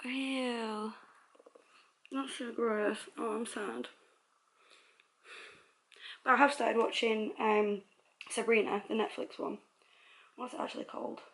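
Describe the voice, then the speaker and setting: A young woman talks straight to a handheld camera at home in an easy, chatty vlog. Her voice sits at a middle pitch, and she giggles and pokes fun at herself as she rambles. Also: gravelly, fairly bright tone. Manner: chatty, giggly and self-deprecating. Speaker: vlogger. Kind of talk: casual vlog chat to camera. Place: at home indoors.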